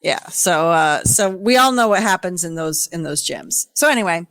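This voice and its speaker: A woman's voice: fairly low pitch, lively intonation, a bit bright, dry recording. Profane, rambling woman podcast co-host. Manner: profane, rambling storytelling with quick impressions. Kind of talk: casual reality-TV recap chat.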